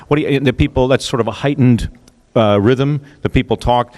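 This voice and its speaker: Brief: veteran voice actor at a panel mic, lowish voice, thoughtful and loose. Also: male voice. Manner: reflective, drifting into quick character voices. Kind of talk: relaxed panel talk. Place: convention panel room.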